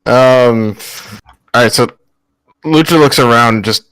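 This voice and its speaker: A man's voice: medium pitch, takes it slowly, a bit bright, clear, resonant tone, no echo. A man playing a tabletop role-playing game, describing his character's moves in a hesitant, casual way. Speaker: player.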